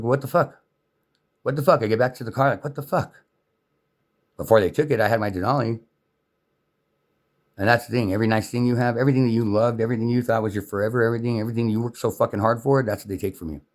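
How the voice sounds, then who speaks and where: A man in an angry, unscripted rant, talking in a heated, profane and repetitive way. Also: fairly low pitch.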